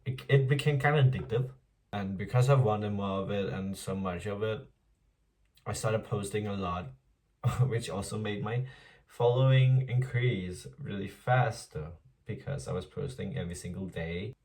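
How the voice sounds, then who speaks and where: A man's voice: lowish voice, moderate pace, a little mellow, recorded from a distance. A young man talking candidly to his viewers at home in a casual vlog, chatty and open, calling them "girl" and laughing often. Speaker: vlogger. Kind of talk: casual confessional vlog monologue. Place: home apartment.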